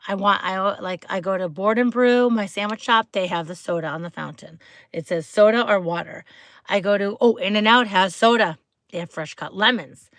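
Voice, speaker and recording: A woman's voice: mid-range voice, a bit bright, no echo. Chatty Midwestern woman livestreaming. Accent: Midwestern American (Wisconsin). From Wisconsin, US. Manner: chatty and rambling, lots of "like" and questions to chat. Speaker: livestream host. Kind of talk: casual livestream chat with viewers.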